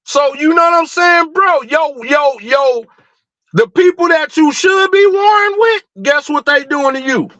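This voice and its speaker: A man's voice: very high voice, unhurried, sharp tone, no echo, poor audio. A man hosting a livestream, ranting in a fired-up, blunt and profane way, full of rhetorical questions. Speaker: livestream host. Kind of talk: heated livestream rant.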